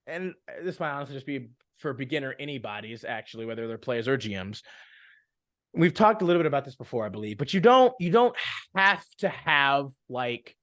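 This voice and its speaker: A man's voice: medium pitch, fairly bright tone, clean tone, no room sound, studio quality. A young man co-hosting a casual podcast, giving advice to new game masters in a rambling way, full of fillers and restarts. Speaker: podcast co-host.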